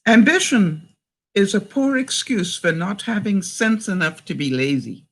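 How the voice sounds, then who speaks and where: With an animated mid-range voice and a measured pace, an older retired woman from Canada talks casually to her viewers in a vlog. Stories and read-aloud sayings fill her chat, and she laughs often between sentences.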